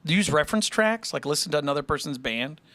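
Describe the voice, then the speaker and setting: Animated young man chatting on a livestream. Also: a little high, no echo. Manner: rambling, joking, quick to laugh. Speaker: music livestream host. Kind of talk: casual chat with live chat.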